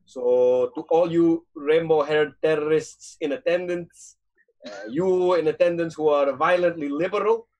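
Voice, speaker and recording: A man's voice: fairly high pitch, fairly even intonation, a little mellow, natural voice. A man voicing a pompous male Russian spy pundit with a put-on Russian accent and a slight lisp, lecturing long-windedly in improvised role-play. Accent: put-on Russian, drifting English. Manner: long-winded mock lecture, halting fillers.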